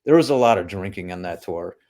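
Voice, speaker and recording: A man's voice: low voice, expressive, a little fast, a little mellow. A man guesting on a podcast, chatting casually about touring, swearing a lot and saying "dude" often. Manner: laid-back, heavy swearing, lots of "dude" and "man". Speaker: podcast guest, metal musician. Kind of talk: casual chat.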